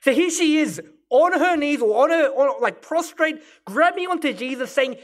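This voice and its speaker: A man's voice: extremely high pitch, lively intonation, moderate pace, hardly any pauses, a bit bright. A male pastor delivering a sermon, explaining scripture and Greek word meanings in a teaching manner.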